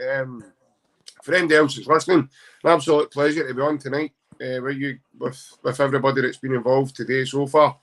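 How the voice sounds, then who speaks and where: A man's voice: medium pitch, fast. Jokey Scottish man on a podcast. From Glasgow, Scotland. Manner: jokey, animated, self-mocking. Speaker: podcast guest. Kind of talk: casual podcast chat.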